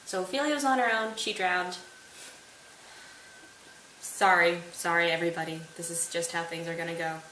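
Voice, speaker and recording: A woman's voice: fairly low pitch, steady tone, normal speed, long pauses, sharp tone, a little hiss or hum. Woman, chatty playful study summary, roomy room, distant mic. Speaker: host retelling a play for study.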